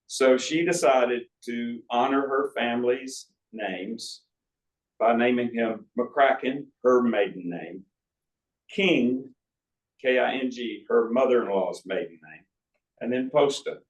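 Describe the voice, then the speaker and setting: Slow, gravelly and animated, this medium-pitched voice belongs to a sixty-something author giving a book talk. He spins folksy anecdotes with asides for an audience in an arts center auditorium, recorded from afar with roomy hall sound.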